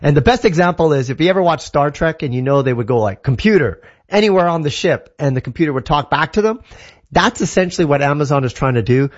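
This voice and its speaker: A man's voice: a little high, lively intonation, fast talker, dull audio. A man from Canada explaining tech in a casual, enthusiastic, rambling way, with lots of fillers and restarts. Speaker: tech guest. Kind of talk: casual tech talk segment.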